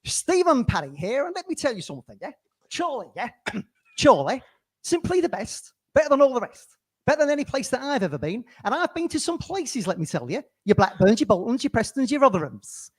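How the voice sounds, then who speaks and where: A man's voice: very high-pitched, sing-song, a little fast, breathy edge, no room sound, pitched above the performer's own voice, heavily acted. A man putting on an impression of a brash, boastful male football pundit, speaking in rambling, punchy declarations.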